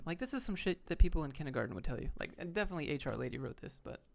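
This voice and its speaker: A man's voice: fairly high pitch, rapid-fire, vocal fry. A man hosting a livestream, chatting casually and bluntly about job hunting and reacting to viewers. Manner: relaxed, blunt, swears casually, talks to chat. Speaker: livestream host giving job advice.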